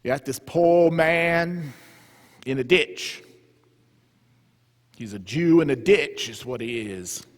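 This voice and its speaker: A man with a Southern US accent imitating a pompous old monsignor, preaching in a slow drawl. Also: fairly high pitch. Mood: droning. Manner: slow drawling sermon delivery. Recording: reverberant church hall.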